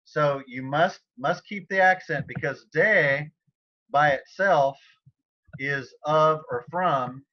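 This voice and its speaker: A man teaching a Spanish class online, talking informally and often clearing his throat. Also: a little high, takes it slowly, lo-fi sound.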